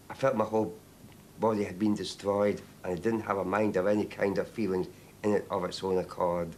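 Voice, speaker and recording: An older man from Northern Ireland speaks in a low voice, recalling events slowly. He halts and repeats words as he goes. A faint hiss sits under the recording. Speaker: interviewee. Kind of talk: documentary testimony.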